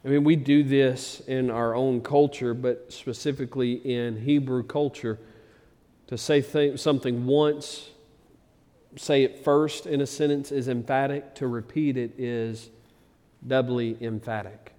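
A man preaching a sermon as pastor, moving from loud emphatic passages to low quiet ones. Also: steady tone, unhurried, big-room sound. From Arkansas, USA.

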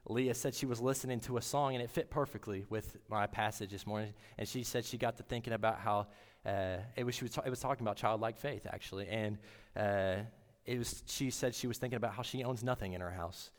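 A man giving a sermon in an earnest, halting way, often restarting his words. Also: fairly low pitch, in a large hall. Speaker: preacher.

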